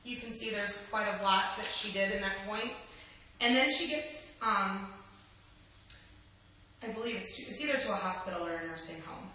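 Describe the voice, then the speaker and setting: A woman reading an inspirational story aloud in an earnest, gentle way, now and then restarting a line. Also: medium pitch, moderate pace, pauses often, far from the mic, slight background noise. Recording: echoey room, voice from off-mic.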